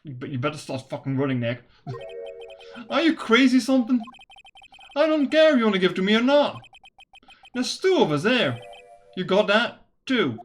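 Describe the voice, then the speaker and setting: A woman voicing a blustering male mobster who talks in gruff tough-guy slang and makes threats. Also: mid-range voice, sing-song, moderate pace, pauses often, soft background music, lightly acted. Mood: menacing.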